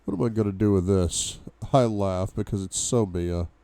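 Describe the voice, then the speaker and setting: A man's voice: low-pitched, normal speed, warm tone, smooth, dry recording. A young man reading a novel aloud for a book club, with asides to his viewers. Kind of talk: audiobook-style reading.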